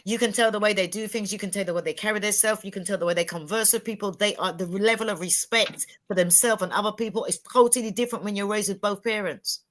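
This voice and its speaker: A woman's voice: mid-range voice, fast talker, hardly any pauses. A middle-aged woman, talking emphatically in a casual panel chat and retelling conversations. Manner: emphatic, animated storytelling with quoted dialogue.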